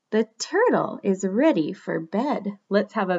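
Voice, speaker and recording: Gentle, high-voiced woman reading a bedtime story. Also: very animated, slow, few pauses, muffled recording. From Canada. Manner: gentle and playful, coaxing children to join in. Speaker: children's librarian.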